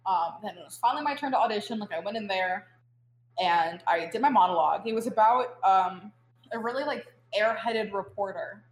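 A woman's voice: mid-range voice, fairly quick. Chatty young woman in an echoey room. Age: young adult. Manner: chatty, filler-heavy, laughing storyteller. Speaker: guest student. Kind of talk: casual chat.

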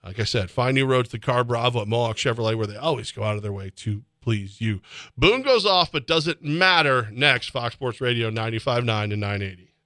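A man hosting sports radio, talking animatedly with laughs and sudden shouts, reading ads in a studio. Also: medium pitch, expressive, brisk, no echo. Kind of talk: casual sports radio banter with live ad reads. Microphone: close studio mic.

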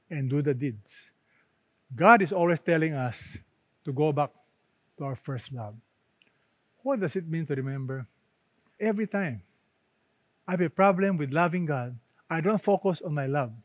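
A man preaching a sermon, emphatic, rising for stress and dropping soft and low at the ends of his phrases. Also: dry recording. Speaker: pastor.

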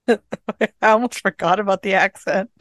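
A woman's voice: medium pitch, unhurried, no echo. A woman on a podcast, adding wry, teasing comments while talking over a movie. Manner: wry, teasing short remarks. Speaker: podcast co-host. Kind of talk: casual movie recap chat.

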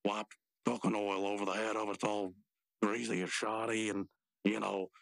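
A man with a fairly low voice, co-hosting a casual podcast and retelling a cartoon's plot. He tells it loosely, wandering into asides along the way. The sound is dry and close to the mic. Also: level tone, normal speed, creaky, a bit bright, no room sound. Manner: loose, rambling storytelling with asides. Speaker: podcast co-host. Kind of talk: casual chat recapping a cartoon.

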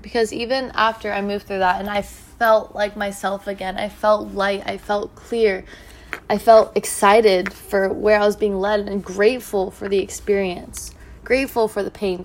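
A woman speaking in an earnest, reflective monologue about healing, repeating gentle affirmations. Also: medium pitch. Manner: soft, earnest, repetitive affirmations. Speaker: spiritual speaker.

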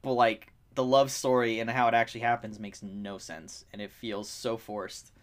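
A man's voice: fairly low pitch, flat delivery, moderate pace. A man in casual conversation about a film, rambling with many fillers, swearing and acting out lines from scenes. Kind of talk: casual movie discussion chat.

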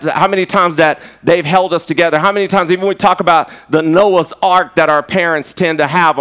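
Pastor, male, slightly high voice, conversational live sermon with repetition. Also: fairly bright tone. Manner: conversational preaching with repeated words and rising emphasis. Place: church.

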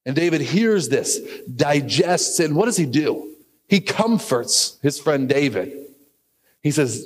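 A pastor preaching a sermon, telling the story earnestly and asking questions of the congregation. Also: male voice, a little high, expressive, a little slow, breathy edge. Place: church sanctuary. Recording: reverberant church hall.

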